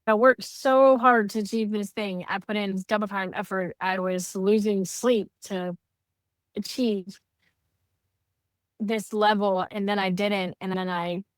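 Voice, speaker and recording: A woman co-hosting a podcast, talking candidly in casual heartfelt chat, animated when she quotes others. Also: mid-range voice, unhurried, dry recording, studio quality. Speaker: podcast co-host.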